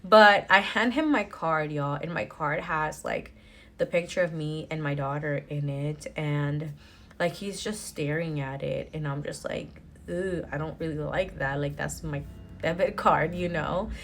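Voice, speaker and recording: Telling a story straight to camera, a young woman vlogger keeps things chatty and loaded with fillers like "like" and "y'all," plus nervous laughs. Her voice sits low and fairly bright, at a measured pace, with a little hiss or hum in the audio.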